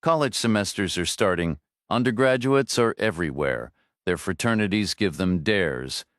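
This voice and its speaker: A man's voice: low voice, lively intonation, normal speed, a bit bright, no echo, studio quality. Man voicing an apologetic motel man. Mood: explanatory. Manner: apologetic, explanatory. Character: apologetic male motel man, smooth explainer.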